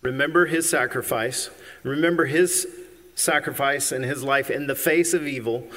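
A pastor preaching a sermon, earnest and emphatic, with occasional ums and uhs. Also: male voice, mid-range voice, moderate pace, fairly bright tone. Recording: long hall reverb.

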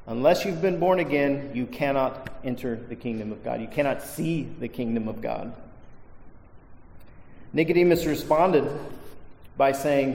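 A man's voice: medium pitch, moderate pace, a little mellow. A male pastor preaching a sermon to a congregation, stressing key words with emphasis. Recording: echoey hall reverb.

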